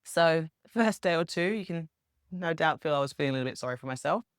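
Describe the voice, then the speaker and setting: A woman's voice: deep voice, expressive, fast, clean tone, no echo, studio quality. A woman, talking casually and earnestly to camera as a spiritual vlogger. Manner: upbeat, earnest, chatty with small laughs. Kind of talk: casual reflective monologue.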